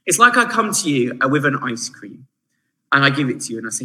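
A man preaching a sermon, animated and shifting from hushed asides to emphatic points. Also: medium pitch, quick pace, poor audio.

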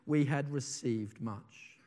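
In a mid-range voice, a preacher alternates between booming declarations and quiet, drawn-out phrases, also reading a testimony with real emotion.

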